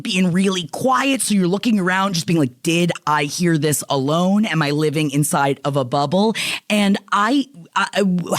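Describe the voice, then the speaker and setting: A woman's voice: medium pitch, no room sound, studio quality. A woman co-host in casual podcast chat, chatty and swearing casually.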